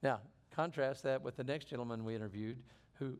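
A middle-aged male pastor delivering a sermon with earnest conviction. He often trips over and restarts his phrases, circling back before pressing his point home. His voice sits at a medium pitch for a man. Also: a little fast, smooth.

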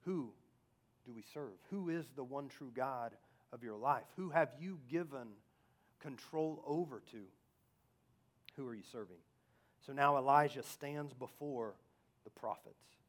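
A man preaching a sermon, asking rhetorical questions and swinging between loud emphasis and hushed asides. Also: mid-range voice, measured pace, long pauses.

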